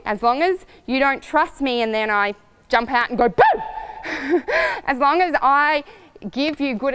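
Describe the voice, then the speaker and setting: A middle-aged woman coaching riders in a lively, conversational way. Her voice sits fairly high and comes across smooth and clear. She tells stories animatedly. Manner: animated, warm storytelling with laughs. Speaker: riding coach. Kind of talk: casual coaching talk to camera.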